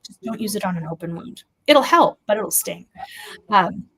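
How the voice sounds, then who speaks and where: A woman's voice: medium pitch, lively intonation, normal speed, a little hiss or hum, poor audio. A woman hosting a livestream, chatting loosely in a stream-of-consciousness way about health tips. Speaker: host. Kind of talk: casual health talk on a livestream.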